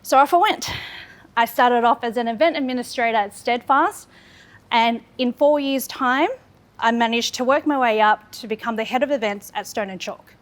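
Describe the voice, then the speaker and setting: A woman's voice: fairly high pitch, normal speed. Woman in her thirties telling her own story. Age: 30s. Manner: earnest, candid, with repeated phrases. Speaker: public speaker. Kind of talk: personal storytelling speech.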